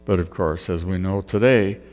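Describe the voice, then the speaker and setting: A man's voice: low voice, normal speed, darkish tone, in a large hall. A man preaching a conversational sermon, musing aloud as he retells a story.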